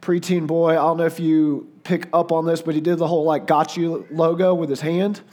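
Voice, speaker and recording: A man in his forties with a Southern US accent, a guest preacher telling casual, joking stories about his family with a hoarse, fading voice. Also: on the high side, flat delivery, fairly quick, darkish tone. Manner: chatty and joking, lots of "like" and "uh". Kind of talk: casual storytelling before a sermon.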